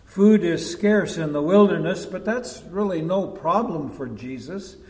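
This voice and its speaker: Man preaching slow and emphatic, kinda high voice, big echoey church. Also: animated. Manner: measured, emphatic, drops to a hush at key points. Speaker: pastor. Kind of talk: sermon. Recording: long echo of a large hall.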